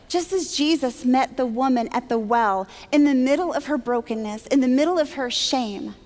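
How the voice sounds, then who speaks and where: High-voiced woman telling a testimony. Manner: animated, self-deprecating, acts out her own thoughts. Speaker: Christian speaker. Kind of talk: personal testimony storytelling. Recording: long hall reverb.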